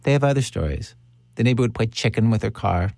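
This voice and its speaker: A man hosting a documentary audio show, narrating a story calmly and putting questions to his guests. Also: on the low side, quick pace, vocal fry, no echo. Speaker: host and interviewer.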